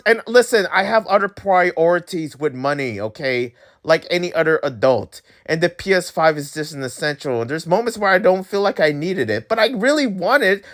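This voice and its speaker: A man's voice: high voice, lively intonation, moderate pace, fairly bright tone. A man ranting casually to his viewers, rambling and exasperated, with lots of filler words. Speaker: channel host. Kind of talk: casual rant to camera.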